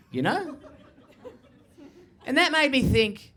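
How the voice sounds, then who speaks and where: A young Australian man working the crowd with a stand-up set, loud and brash and never slowing down. His voice sits high and has a sharp, bright edge. He swears freely and punches through every line with high energy. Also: animated. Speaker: stand-up comedian.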